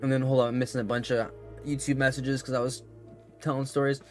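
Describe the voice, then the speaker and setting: A man's voice: mid-range voice, level tone, fast talker, darkish tone, soft background music. A man streaming a game, chatting casually, telling rambling stories full of swearing and reading his chat aloud.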